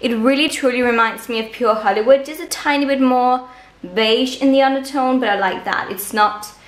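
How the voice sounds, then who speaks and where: A young woman from Denmark, a native Danish speaker, talks to her vlog audience at home in a bubbly, gushing way. Her voice sits a little high. She is heard through a camera mic that catches plenty of echo from the room. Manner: bubbly, gushing, quick asides to viewers. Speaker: beauty vlogger. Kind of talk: casual vlog talk to camera. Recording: echoey room.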